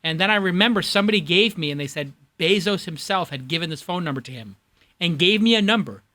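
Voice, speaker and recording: A man with a Brooklyn accent hosting a studio panel, opinionated and animated. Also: high voice, fast. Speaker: host. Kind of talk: panel discussion.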